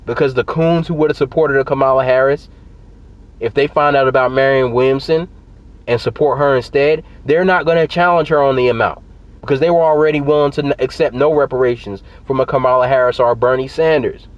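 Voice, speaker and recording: Speaking at a medium pitch with a steady tone and slightly fast pace, this man is heard with the highs cut off. In his direct-to-camera vlog, the political commentator gets heated and emphatic, hammering home his points by repeating them.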